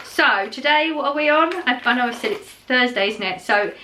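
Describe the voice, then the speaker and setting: A woman's voice: sits high, animated, moderate pace, few pauses, sharp tone, slight background noise. A middle-aged woman, chatting casually to camera in a rambling way, with many fillers and restarts. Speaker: vlogger.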